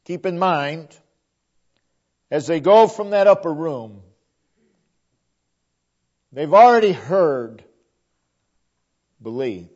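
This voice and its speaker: A man preaching a sermon, building to emphatic peaks and then letting his line endings fall to a hush. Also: fairly high pitch, lively intonation, takes it slowly, long pauses, highs cut off.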